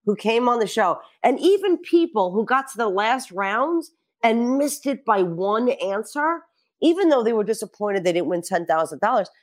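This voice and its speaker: Animated, swearing storytelling woman. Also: fairly high pitch, moderate pace. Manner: animated storyteller who swears and acts out quotes. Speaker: guest. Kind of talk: casual chat.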